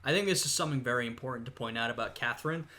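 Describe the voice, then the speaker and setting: A man's voice: medium pitch, rapid-fire, background noise. A young man, a history student, reacts to a video with casual, thoughtful commentary full of "uh" and "you know".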